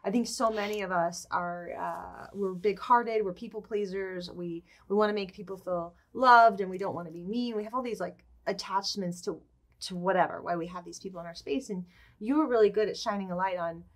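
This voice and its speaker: Female podcast co-host, mid-pitched, eager and gushing, quick to jump in with her thoughts. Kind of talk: casual conversation.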